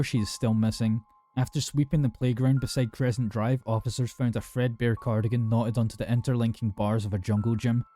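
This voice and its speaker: A man narrates a horror story in a grave, measured, scripted style. His voice is dark and mellow at a middling pitch, with faint music playing underneath.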